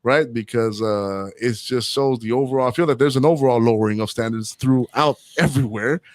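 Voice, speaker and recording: A man's voice: mid-range voice, fairly quick, no echo. A man hosting a casual opinion talk show, rambling and opinionated, tagging his points with "right?" and "man". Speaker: host.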